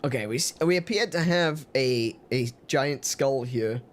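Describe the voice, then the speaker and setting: A man's voice: mid-range voice, a little slow, a little hiss or hum. A man casually commenting on his gameplay during a live stream, joking with chat and laughing often. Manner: playful, jokey, laughs a lot, talks to chat. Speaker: game streamer.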